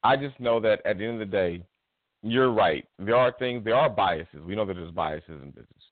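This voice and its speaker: A man's voice: fairly low pitch, normal speed, no echo. Man, radio co-host, storytelling, acts out quotes, dry close sound. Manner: expressive storyteller, acts out quotes, restarts often. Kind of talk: casual radio talk. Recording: tinny phone-like, dry.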